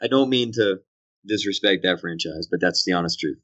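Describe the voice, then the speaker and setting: A man's voice: low voice, fairly quick, fairly bright tone, dull audio. A man with a Boston accent, a voice actor guest talking candidly and with self-deprecating humour in an interview from a dry hotel room.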